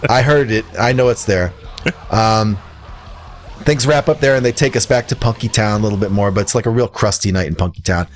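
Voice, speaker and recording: A man's voice: lowish voice, fairly quick, a little hiss or hum. Rambling, jokey male podcast host. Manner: rambling, jokey and animated, laughing at his own lines. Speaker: podcast co-host reviewing records. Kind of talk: casual chat.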